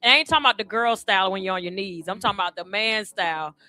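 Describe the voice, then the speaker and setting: A woman's voice: medium pitch, racing, sharp tone. A woman, hosting a talk radio show and speaking candidly and chattily straight to her listeners. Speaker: radio host. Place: radio studio.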